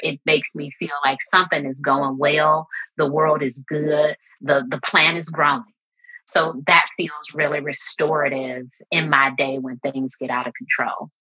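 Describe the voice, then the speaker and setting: A woman in her forties with a low, husky voice and a bright, forceful edge, answering interview questions as a therapist in a reflective, calm way. The audio is dull and lo-fi, like a remote recording. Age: 40s. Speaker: therapist guest.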